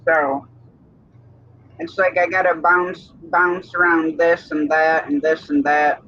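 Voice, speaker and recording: A man's voice: a little high, flat delivery, slow, sharp tone. A man co-hosting a livestream, chatting casually and teasing a friend with frequent laughs. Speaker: livestream co-host. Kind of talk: casual chat. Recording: dull lo-fi stream audio.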